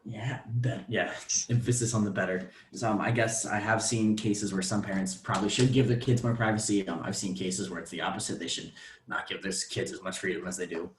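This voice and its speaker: A man's voice: lowish voice, steady tone, brisk, slight background noise. A young man co-hosting a casual movie discussion, thoughtful and full of ums and restarts. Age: young adult. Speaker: podcast co-host. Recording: roomy echo.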